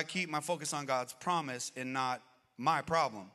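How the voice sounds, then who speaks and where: A middle-aged man preaching a sermon as pastor, swinging between loud outbursts and hushed, slow passages. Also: mid-range voice. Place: church auditorium. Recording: long reverb of a church hall.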